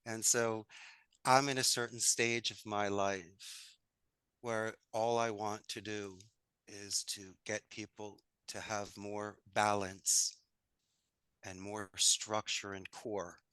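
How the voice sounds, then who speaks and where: A man's voice: on the low side, little pitch movement, takes it slowly, pushed and bright, clear, resonant tone, no echo. A man talking as an interview guest about running his business and giving motivational advice, with an enthusiastic, coaching manner. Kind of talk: casual interview chat.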